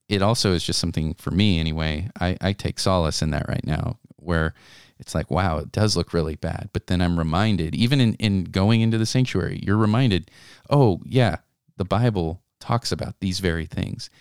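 A man's voice: sits low, moderate pace, vocal fry, a little mellow, smooth, no room sound, clean studio sound. A young man in an earnest, conversational devotional talk, reading scripture aloud and then reflecting on it. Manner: earnest, conversational, with many restarts and asides. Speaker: co-host reading and discussing scripture.

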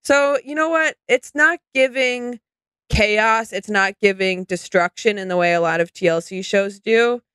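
A woman's voice: mid-range voice, moderate pace, few pauses, fairly bright tone, smooth, no room sound. A woman co-hosting a podcast, rambling enthusiastically in casual chat about reality TV. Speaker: podcast co-host.

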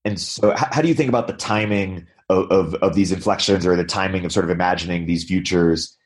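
A man interviewing a guest, asking questions in a halting way with many restarts. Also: low-pitched. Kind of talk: conversational interview.

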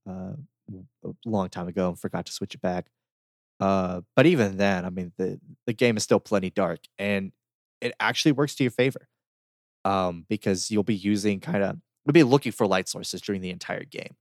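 A man's voice: deep voice, moderate pace, dry recording, studio quality. A man co-hosting a casual game review chat, easygoing, with lots of fillers and laughter. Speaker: podcast co-host reviewing games.

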